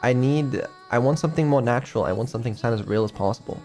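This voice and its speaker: A man's voice: mid-range voice, rapid-fire, darkish tone, soft background music. A man chatting casually on a stream, rambling and offhand with lots of ums and casual swearing. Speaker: streamer and developer.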